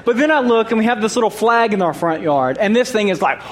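Man, storyteller, somewhat high voice, lively, comic asides, laughs mid-sentence. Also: fast talker, background noise. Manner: animated, acts out his own quoted thoughts, laughs often. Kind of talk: humorous personal story to a group.

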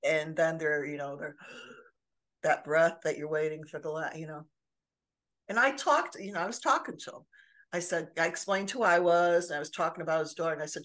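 A woman's voice: low voice, steady tone, moderate pace, fairly bright tone. An older woman co-hosting a podcast, telling personal stories in a casual, earnest way with many restarts. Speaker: podcast co-host. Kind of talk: casual chat.

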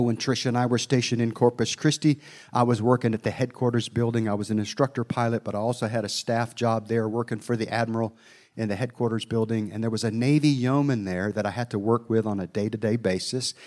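A man's voice: mid-range voice, fairly even intonation, brisk, darkish tone. A middle-aged man preaching a sermon, telling a personal story in a folksy way, with asides to his listeners.

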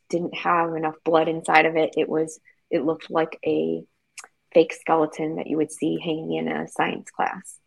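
Woman interview guest, husky and slightly low, candid storyteller with lots of fillers. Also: no room sound, poor audio. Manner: emotional, frequent fillers like "like".

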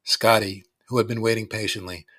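A man's voice: lowish voice, fairly even intonation, brisk, pushed and bright, no echo. A man reading a first-person story aloud with wry, dry storytelling. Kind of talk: scripted first-person narration.

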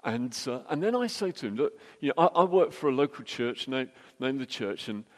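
A middle-aged man telling a jokey, anecdotal story as a church speaker, with quick restarts. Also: mid-range voice, big pitch swings. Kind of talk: storytelling sermon. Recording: long hall reverb.

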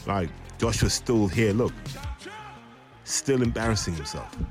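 A man's voice: on the low side, lively intonation, a little slow, over music. A man giving blunt, scornful commentary over boxing footage. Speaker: boxing analyst.

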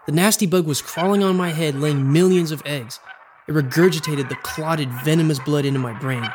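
A man narrating a scripted comic story as the host, delivered in a dramatic, deadpan way with bits of rhyme. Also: on the high side, normal speed, background noise.

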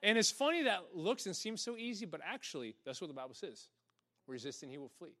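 Man, preacher, animated sermon, laughs often, acts out voices, high bright voice. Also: fairly quick. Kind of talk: lively sermon.

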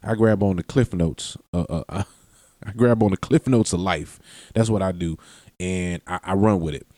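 In a dry, clean studio recording, a man with a low, warm voice talks at normal speed on his solo podcast. He's long-winded, keeps breaking off mid-sentence, and laughs and curses throughout.

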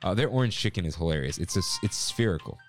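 A man's voice: sits low, animated, quick pace, soft background music. A young man co-hosting a casual podcast, chatting and reading listener emails aloud. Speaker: podcast co-host. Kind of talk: casual chat.

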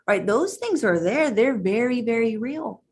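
A woman's voice: a little high, expressive, slight background noise. Chatty, emphatic woman hypnotherapist. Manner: chatty and emphatic, addresses listeners directly; pauses to gather thoughts. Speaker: channeling hypnotherapist. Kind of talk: casual talk to viewers.

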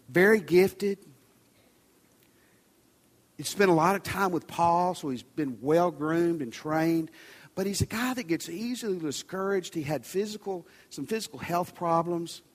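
High-voiced pastor preaching in a big reverberant church. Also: male voice. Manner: conversational preaching, urgent pleas dropping to soft near-whispers. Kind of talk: sermon. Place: large church sanctuary. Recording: reverberant large church hall.

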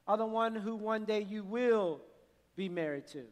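High-pitched pastor guy preaching, earnest, repeats himself, big churchy echo. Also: a little slow. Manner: earnest, repeats words, builds to forceful preaching. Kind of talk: sermon. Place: church sanctuary. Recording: long hall reverb.

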